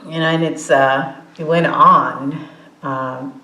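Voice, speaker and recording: A woman in her forties giving an informal meditation talk, halting with many fillers and restarts, often breaking into laughter. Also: low voice, fairly even intonation, sharp tone. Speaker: meditation teacher. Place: meditation hall. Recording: roomy hall sound.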